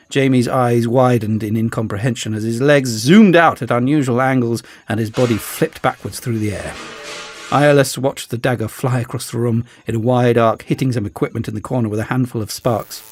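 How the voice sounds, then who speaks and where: A man narrating an audiobook in a lively, expressive way. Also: medium pitch, fairly quick, soft background music. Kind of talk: scripted narration.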